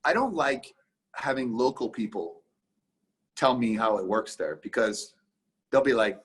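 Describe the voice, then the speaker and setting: A man from Canada talks as a guest on a business podcast, in a husky, slightly rough voice. He speaks emphatically and keeps acting out conversations, switching quickly between voices. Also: mid-range voice, animated, fairly bright tone. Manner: emphatic, acts out conversations in quick back-and-forth. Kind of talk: casual podcast interview.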